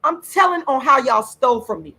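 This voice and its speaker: A woman delivers a furious rant to her channel's viewers, her husky voice bright and high. She swings widely in pitch, repeats herself and stretches words out for emphasis. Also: sing-song, rough recording. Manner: furious, repetitive, swearing, drawn-out emphatic words. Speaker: channel host. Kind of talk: angry direct-to-camera rant.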